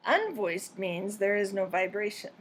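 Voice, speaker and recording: Measured woman teaching pronunciation. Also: medium pitch, animated, slight background noise. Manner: clear, deliberate, measured delivery. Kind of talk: scripted instructional narration.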